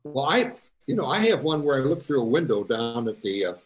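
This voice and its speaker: A man's voice: mid-range voice, very animated, brisk. A man presenting a photo-editing demo to a club in a folksy, instructive way.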